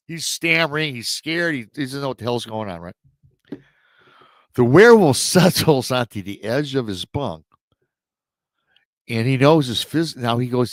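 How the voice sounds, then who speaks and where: A man's voice: medium pitch, no room sound. Man, casual storyteller, rambling asides, mid-range voice, dry close sound. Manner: rambling, conversational asides to the audience. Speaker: host and storyteller. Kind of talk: casual retelling of a listener's story.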